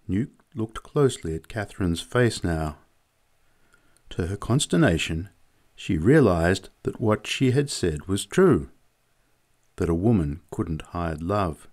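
A man narrating a story as an audiobook, in a measured, unhurried way. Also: low-pitched, very animated, a little mellow. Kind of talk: audiobook reading.

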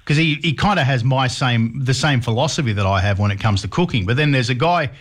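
A man's voice: mid-range voice, lively intonation, brisk. Middle-aged male radio host, casual and wry, trips over his words a bit. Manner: chatty, hesitant restarts, wry asides.

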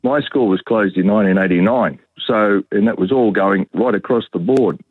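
A man's voice: on the low side, moderate pace, no echo. An Australian man calling into a radio show, firmly correcting a point about past events. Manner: firm, correcting the record. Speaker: caller. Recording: husky phone line.

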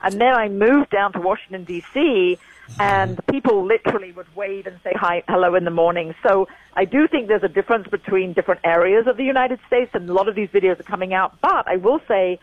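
Fast-talking older woman from England. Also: mid-range voice, narrow, tinny audio. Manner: animated storyteller, emphatic repeating. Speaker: guest. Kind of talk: phone-in interview chat.

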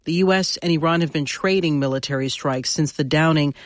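Male radio newscaster, slightly high voice, dry booth sound, formal measured reads. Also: dry recording.

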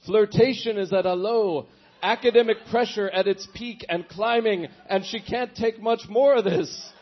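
A man's voice: sits high, normal speed, muffled recording, pitched above the performer's own voice. A man doing a frantic starship officer. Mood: urgent. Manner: urgent, mock-dramatic. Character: frantic male starship officer reporting to the captain.

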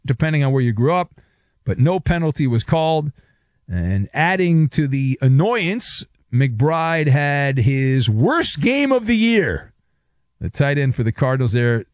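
A middle-aged man hosts sports talk radio in a sarcastic, jokey tone, and his pitch swings widely as he riffs. His voice sits a bit high for a man and sounds dry and close, with little room sound. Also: no room sound. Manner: sarcastic, animated, jokey asides.

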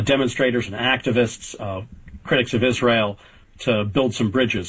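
A man in his fifties, a political reporter, giving measured, analytical answers as a talk show guest, with frequent fillers. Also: mid-range voice, fairly bright tone, breathy edge, low-quality recording. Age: 50s.

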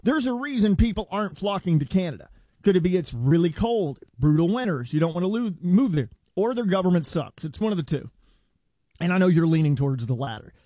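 A male radio co-host with a notably high yet mellow, warm-toned voice trades sarcastic jabs in political banter. He chuckles at his own lines, and his voice sounds dry and close on a studio mic. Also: animated, fairly quick, dry recording. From United States. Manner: wry and sarcastic, laughs at his own jokes.

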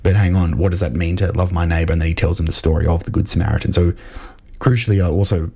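A man's voice: low-pitched, fairly even intonation, fast, warm tone, slightly rough. A young man hosting a show, talking through ideas in a thoughtful, rambling way with many fillers and restarts. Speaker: podcast host discussing a film. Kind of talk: casual analytical talk.

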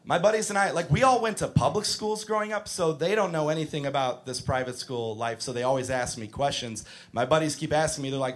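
A man doing a stand-up comedy set, telling profane, animated stories about teaching preschool. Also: on the high side, fairly quick, hardly any pauses.

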